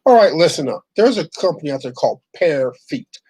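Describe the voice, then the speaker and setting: A man's voice: fairly high pitch, big pitch swings, fairly quick, dark tone, breathy edge, dry recording, poor audio. A middle-aged man hosting his own online show, ranting bluntly and profanely, rambling with restarts. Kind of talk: casual ranting monologue.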